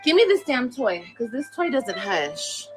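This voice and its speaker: A woman's voice: fairly high pitch, very animated, measured pace, music in the background. A young woman on a casual live stream, blunt and profane, scolding her children between complaints about critics. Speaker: livestreamer.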